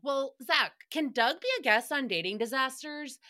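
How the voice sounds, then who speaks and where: Bright, chatty woman. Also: high-pitched, animated, normal speed. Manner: chatty, profane, laughs often, dramatic retellings. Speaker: podcast host. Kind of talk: solo recap podcast.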